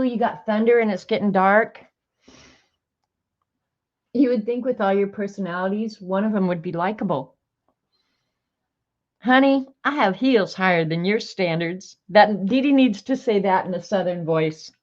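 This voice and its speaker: A woman's voice: medium pitch, a little mellow. A woman reading sassy one-liners aloud to her viewers in a casual, chatty way, with small laughs in between. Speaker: crafter sharing sayings on video. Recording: dull, lo-fi home video sound.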